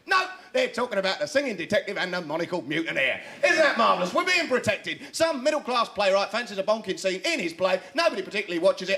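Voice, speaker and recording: Male stand-up host, rapid sardonic rant, high voice. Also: fairly bright tone. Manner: ranting, sardonic. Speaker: comedy show host. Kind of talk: stand-up political comedy monologue.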